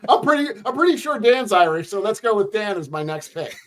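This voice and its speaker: A man's voice: high-pitched, very animated, a little fast, few pauses. A man co-hosting a podcast over a video call, chatting casually, teasing his co-host and laughing often.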